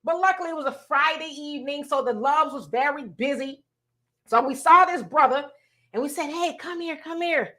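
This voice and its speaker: A middle-aged woman hosting a talk show, telling a story in a casual, animated way and repeating words for emphasis. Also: high-pitched, brisk. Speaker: show host.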